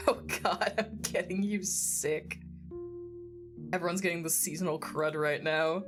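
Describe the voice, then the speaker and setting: A woman's voice: fairly low pitch, slow pace, long pauses. A woman streamer chatting casually while playing a game, giggling often and swearing freely, her throat phlegmy and congested. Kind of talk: casual chat while gaming. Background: game music.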